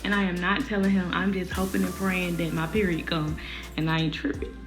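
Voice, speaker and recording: A woman's voice: lowish voice, flat delivery, fairly quick, over loud music. A young woman telling a personal story in casual, slangy talk, speaking straight to her viewers. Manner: candid, slangy, addresses viewers directly.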